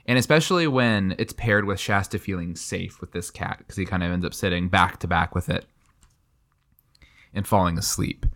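A young man with a very low voice talks eagerly about a favorite book, rambling along with plenty of "like" and "you know." He keeps it loose and conversational with his co-host. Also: normal speed, fairly bright tone. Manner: enthusiastic, rambling, lots of fillers. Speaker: podcast co-host. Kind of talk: casual book discussion.

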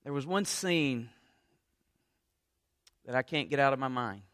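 A man preaching a sermon with passion, going from quiet talk to loud appeals. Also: medium pitch, animated, a little slow, in a large hall. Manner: impassioned, rises from quiet to loud. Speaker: pastor.

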